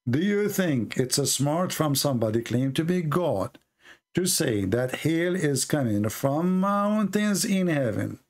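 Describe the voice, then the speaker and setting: A man runs a heated debate, repeating his questions and needling the other side with sarcasm. His voice sits a bit high and has a gravelly, fried edge. His English carries non-native grammar. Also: big pitch swings, measured pace. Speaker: debate host. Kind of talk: confrontational debate call.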